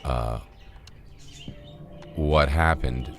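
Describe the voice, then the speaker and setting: A man's voice: extremely low pitch, very slow, fairly bright tone, soft background music. A middle-aged man streaming a game, telling a rambling story casually with lots of swearing and fillers. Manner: rambling, profane, full of fillers. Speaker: gaming streamer.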